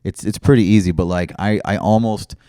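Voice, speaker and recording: Deep-voiced, profane Brooklyn storyteller. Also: male voice, fairly even intonation, brisk, warm tone, smooth, no room sound, clean studio sound. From Brooklyn, New York. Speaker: comedian guest. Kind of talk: casual podcast chat.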